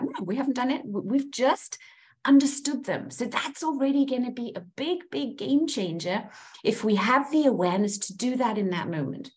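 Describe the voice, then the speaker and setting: A woman leads a group session on how to listen. Her pitch swings widely as she acts out sample phrases. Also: moderate pace. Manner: animated, acts out example phrases. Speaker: coach.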